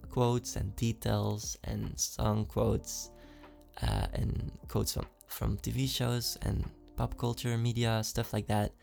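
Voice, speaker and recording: A man's voice: on the low side, creaky, warm tone. A man with a slight foreign accent, an ASMR creator answering fan questions in casual, chatty talk with lots of fillers and giggles.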